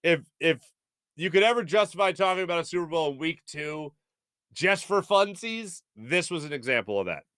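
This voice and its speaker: Lively, joking sports talk host. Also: male voice, fairly high pitch, moderate pace, smooth, dry recording, studio quality. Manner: playful, animated, jokey. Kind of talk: live sports talk, reading viewer comments.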